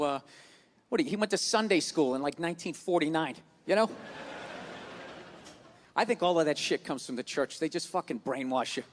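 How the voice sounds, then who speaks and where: A man doing a profane, ranting stand-up comedy routine, mocking people with put-on voices. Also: on the high side. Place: comedy stage before a live audience. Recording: reverberant venue with crowd and noise.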